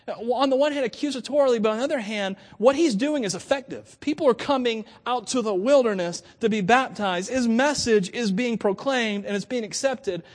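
A man preaching a sermon as pastor, conversational and lively, often laughing and acting out quotes. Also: extremely high pitch.

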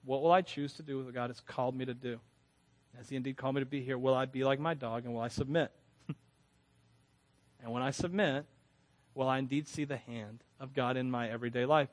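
A man's voice: medium pitch, steady tone, a little fast. A man giving a conversational sermon, candid and self-deprecating, often laughing between phrases and restarting words when earnest. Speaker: preacher.

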